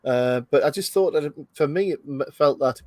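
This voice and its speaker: Host for a watch-along commentary: a rambling man, higher voice, dry sound. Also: a little fast, dark tone, no echo. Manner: rambling, thinking aloud with many fillers. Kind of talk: casual movie commentary.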